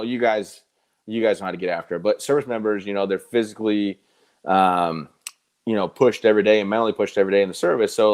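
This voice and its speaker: Lowish-voiced man telling stories. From United States. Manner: animated, conversational, with fillers and quoted dialogue. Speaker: guest. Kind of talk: storytelling in a live interview.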